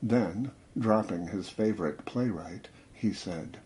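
A man narrating a novel in a measured, steady reading. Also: sits low, a little hiss or hum. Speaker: audiobook narrator. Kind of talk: scripted narration.

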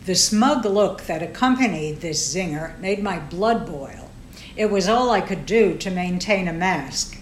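A woman's voice: on the low side, a little hiss or hum. Wry woman narrating in a roomy echo. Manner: wry, sardonic. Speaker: audiobook narrator. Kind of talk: first-person fiction narration.

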